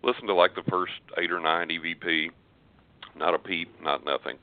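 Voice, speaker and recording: Older man, low voice on a phone line. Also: fairly even intonation, normal speed. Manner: earnest, rambling, with frequent restarts and fillers. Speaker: radio guest psychic. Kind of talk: casual storytelling on a call-in show.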